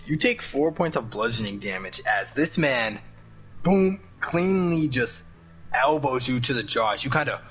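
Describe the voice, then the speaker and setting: A young man narrating a tabletop game as game master, loose and excitable, full of fillers. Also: mid-range voice, a little slow, low-quality recording. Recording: faint background noise.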